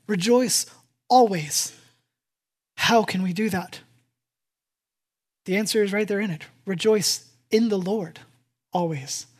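A pastor preaching a sermon to a congregation in church, animated and emphatic, repeating key phrases and swinging from loud to hushed. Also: mid-range voice, a little slow, long pauses.

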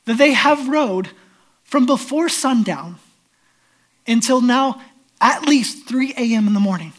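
A pastor delivering a sermon, telling the story with animated swings between loud emphasis and hushed, near-whispered lines. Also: male voice, extremely high pitch, measured pace.

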